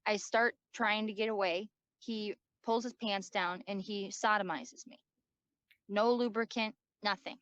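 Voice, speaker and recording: A woman guest giving a personal first-person account, halting and repeating herself, with lots of likes and ums. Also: mid-range voice, fairly even intonation, a bit bright, clean tone, no room sound. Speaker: interview guest. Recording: dull lo-fi dry recording.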